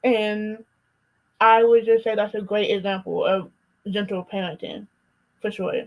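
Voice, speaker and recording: A young woman speaking casually and softly in a parenting conversation, answering with fillers like "um" and "like.". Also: mid-range voice, fairly even intonation, unhurried, low-quality recording. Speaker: guest, daughter of the speaker.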